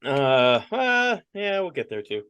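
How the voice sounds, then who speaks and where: A man's voice: mid-range voice, very animated, slow, a bit bright, smooth, no room sound, lo-fi sound. A man co-hosting a podcast, chatting casually and joking with many fillers. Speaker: podcast co-host.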